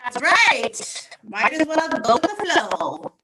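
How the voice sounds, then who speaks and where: A woman's voice: sits high, very animated, slow pace, heavy background noise. A woman teacher with a robotic-sounding voice effect, cheerful and going along with the joke. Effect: robotic voice filter.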